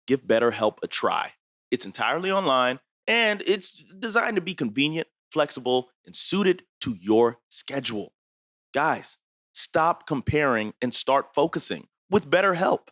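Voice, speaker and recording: A man's voice: medium pitch, a bit bright, no echo, clean studio sound. A man reading a sponsor ad on a podcast in an earnest, friendly way. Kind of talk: host-read sponsor ad.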